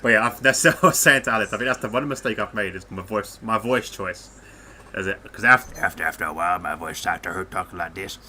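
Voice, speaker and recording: Bright-voiced man chatting. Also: lowish voice, fast talker, slight background noise. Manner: swearing, laughing, British slang. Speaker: podcast co-host. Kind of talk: casual podcast chat.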